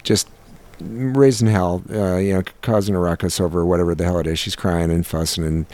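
A man's voice: deep voice, steady tone, dark tone. A tired man in his forties telling a story with swearing and exasperation, stumbling and restarting as he goes. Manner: exasperated, profane, halting storytelling. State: tired from lack of sleep. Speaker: podcast co-host. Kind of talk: casual chat.

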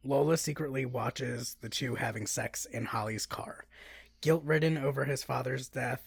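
A woman with a gravelly, husky voice chats on a podcast, laughing easily and wandering through her thoughts with plenty of fillers. She reads a plot summary aloud in an easygoing way, close to a dry mic. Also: very deep voice, moderate pace, no room sound. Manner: laughs often, rambling with many "like" fillers. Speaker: podcast co-host. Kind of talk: casual chat, reading a plot summary.

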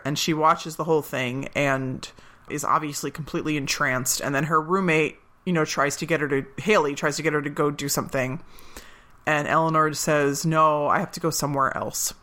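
Bright-voiced woman recapping casually. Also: low voice, steady tone, normal speed. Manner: chatty, retells scenes with quoted lines. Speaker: podcast co-host.

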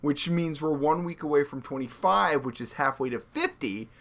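A man co-hosting a podcast in casual chat, joking and animated with quick asides. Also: a little high. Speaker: podcast co-host.

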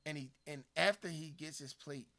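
A man co-hosting a podcast, chatting casually and telling stories with lively acted-out quotes. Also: a little high, moderate pace. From Philadelphia area. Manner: animated storytelling, acts out quoted people. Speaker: podcast co-host. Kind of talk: casual conversation.

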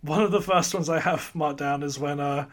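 A man's voice: on the high side, fairly even intonation, moderate pace. A man co-hosting a casual film talk, laughing often as he speaks. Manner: laughs often while talking. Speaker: podcast co-host.

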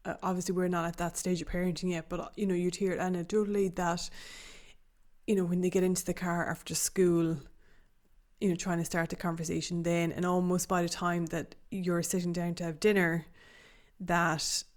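A woman's voice: fairly low pitch, flat delivery, moderate pace, darkish tone. Chatty woman asking rambling questions. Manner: rambling questions, many fillers. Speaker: podcast host. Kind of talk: casual chat.

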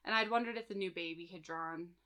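A woman in her thirties talks through personal stories in a relaxed chat. Her voice sits a little low but carries a bright, forward tone. She fills her sentences with "like" and "um.". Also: fast talker. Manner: chatty, lots of fillers and "like". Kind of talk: casual storytelling chat.

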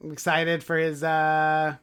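A man's voice: a little high, completely flat delivery, slow, fairly bright tone, clean tone. Joking young male podcast co-host. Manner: jokey, rambling, laughs often. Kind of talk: casual podcast chat.

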